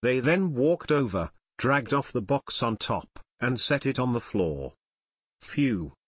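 A man narrating an adventure audiobook in a steady, measured way. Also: mid-range voice, slightly rough, no echo, studio quality. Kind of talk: scripted narration.

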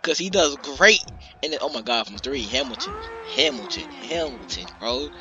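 A young man giving casual, excitable play-by-play commentary on a basketball game, swearing and trash-talking the players. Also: medium pitch, normal speed. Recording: slightly muffled lo-fi audio, faint background noise.

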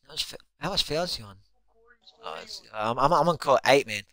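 A young man giving live commentary on his own basketball video game, excitable and swearing constantly as he yells at teammates. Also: mid-range voice, normal speed. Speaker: gamer.

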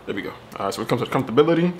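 A man doing a casual tech review vlog, animated and slangy, talking straight to his viewers. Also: mid-range voice, rapid-fire, slight background noise.

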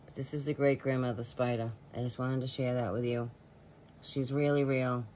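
A man's voice: mid-range voice, little pitch movement, normal speed, a little mellow, a little hiss or hum. A man in a casual vlog voice-over, talking in an earnest, rambling way as a paranormal vlogger.

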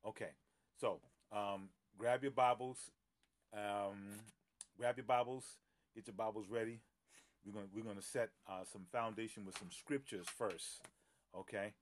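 A man's voice: lowish voice, fairly even intonation, a little slow. Chatty pastor greeting his live-stream viewers. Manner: chatty, greets viewers by name, many fillers and laughs. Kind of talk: casual live-stream chat before a Bible teaching. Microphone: phone live stream.

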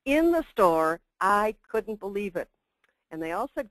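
A woman's voice: mid-range voice, sing-song, a little slow, no room sound, poor audio. An older woman giving a chatty, emphatic customer service webinar talk with asides. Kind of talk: webinar presentation.

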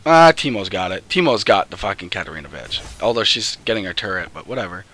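Animated young man streaming a game. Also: sits low, fast talker. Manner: excitable, swearing, laughing, talking to teammates on screen. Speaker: gamer streaming gameplay. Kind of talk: casual gameplay commentary. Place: home, early morning, no camera.

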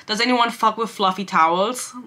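A woman's voice: medium pitch, moderate pace, sharp tone. A young woman at her bedroom desk, giving a sarcastic book review with swearing and laughing asides. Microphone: desk camera.

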